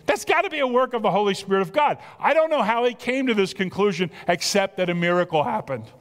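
A man with a South Jersey accent preaching a sermon, animated and exclamatory, full of rhetorical questions. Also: high voice, fast, big-room sound. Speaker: pastor.

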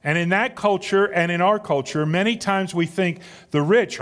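A male pastor preaching a sermon with drama, dropping to a hush and then building loud. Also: sits high, normal speed. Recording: long reverb of a large hall.

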